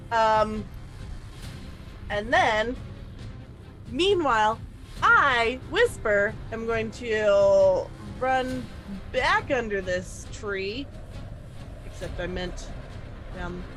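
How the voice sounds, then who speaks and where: Slow-talking higher-voiced woman player. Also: lively intonation, fairly bright tone, faint music behind. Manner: chatty, full of fillers and laughs. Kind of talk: casual tabletop game play.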